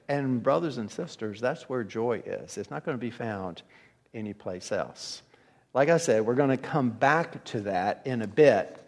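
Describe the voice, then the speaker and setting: A man preaching an evening sermon to his church in a relaxed, conversational way, often restarting his words. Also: mid-range voice, a little slow, big-room sound. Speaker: pastor.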